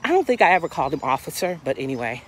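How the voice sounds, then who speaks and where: Animated woman in her fifties telling a story. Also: sits low, rapid-fire, slight background noise. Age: 50s. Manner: animated, acts out dialogue in voices. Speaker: life coach and inspirational speaker. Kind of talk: casual storytelling testimony.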